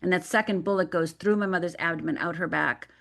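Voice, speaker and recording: A woman's voice: lowish voice, quick pace, vocal fry, fairly bright tone. Dramatic storytelling woman from Michigan. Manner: vivid, dramatic storyteller who acts out quoted voices. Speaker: guest, life coach. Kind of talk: personal storytelling in a radio interview.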